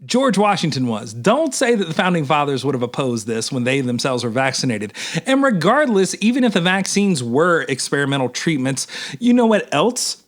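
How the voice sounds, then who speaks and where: A male minister delivering a humorous sermon with emphatic, animated commentary, often addressing listeners as y'all. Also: on the high side, normal speed.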